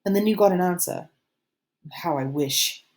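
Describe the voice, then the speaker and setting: A worried, earnest boy leader speaking carefully and doubtfully, as a woman reading a storybook puts him on. His voice stays measured and a little raised. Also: fairly low pitch, darkish tone, lightly acted. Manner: cautious, earnest.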